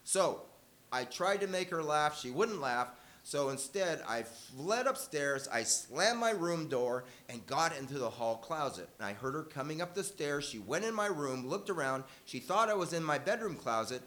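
A man's voice: fairly high pitch, expressive, normal speed, fairly bright tone. An older man telling a personal story live to an audience, conversational and wry, correcting himself as he goes.

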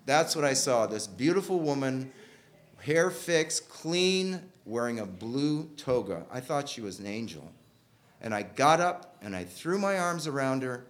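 A man's voice: very animated, moderate pace. A man telling an emotional personal story from his own life, acting out the people he quotes. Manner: emotional, voices quoted people with big pitch jumps.

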